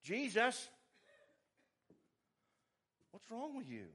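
A man's voice: extremely high pitch, wildly swooping pitch, extremely slow, sharp tone, breathy edge, voice pushed up, heavily acted. A male preacher voicing an anxious, pushy disciple who urgently questions his teacher. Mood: exasperated.

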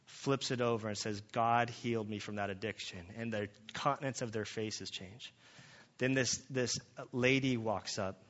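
A man's voice: mid-range voice, steady tone, moderate pace, fairly bright tone. A man in his thirties or forties, preaching a conversational sermon as a pastor and telling family stories with quoted dialogue. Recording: slightly dull lo-fi sound.

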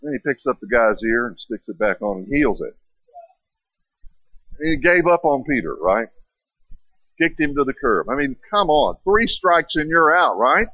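A man's voice: medium pitch, sing-song, moderate pace, pauses often, slightly rough, no echo. A man preaching a sermon, retelling stories with rhetorical questions and acted-out quotes. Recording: dry, dull lo-fi sound.

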